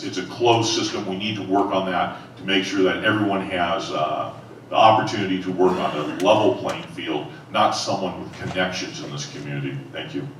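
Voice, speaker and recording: Deep-voiced man, emphatic, in an echoey hall. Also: recorded from a distance, slight background noise. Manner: emphatic, punchy, repeats key words. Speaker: political candidate. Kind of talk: forum answer.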